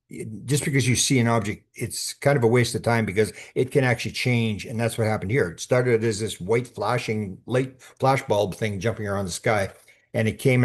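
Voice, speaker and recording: Older man, low voice, rambling guest storyteller who keeps restarting his sentences. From Canada. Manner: rambling, full of restarts and repeated words. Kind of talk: storytelling in conversation.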